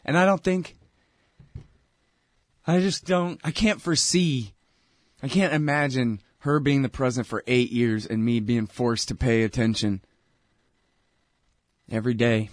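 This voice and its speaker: A man hosting his own show, ranting in an exasperated, opinionated way, with loud outbursts that drop to mutters. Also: medium pitch, steady tone, measured pace, long pauses, dry recording, clean studio sound. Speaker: show host. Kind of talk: opinionated political commentary.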